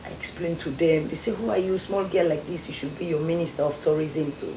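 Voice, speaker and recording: Young Sierra Leonean woman, guest, lively storyteller; low warm voice, echoey room. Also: brisk. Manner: animated storyteller acting out quoted voices. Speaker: guest, former beauty queen. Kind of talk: storytelling interview. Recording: echoey studio with faint noise.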